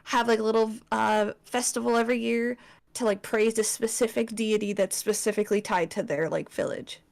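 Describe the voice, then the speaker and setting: A woman's voice: on the high side, fairly even intonation, brisk, gravelly, a little mellow. A young woman presenting a slideshow to friends in casual chat, swearing often and filling with likes and ums. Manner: chatty, swears, lots of fillers.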